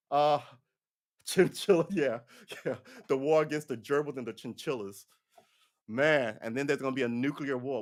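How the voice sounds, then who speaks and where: Profane rambling male live-streamer. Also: mid-range voice. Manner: rambling, profane, mocks others with put-on voices. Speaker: live-stream political commentator. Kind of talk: casual opinionated monologue.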